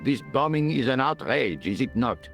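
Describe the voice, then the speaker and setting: An actor playing a dry, condescending police inspector, speaking English. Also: male voice, mid-range voice, sing-song, moderate pace, creaky, soft background music. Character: dry, pompous French police inspector, middle-aged man.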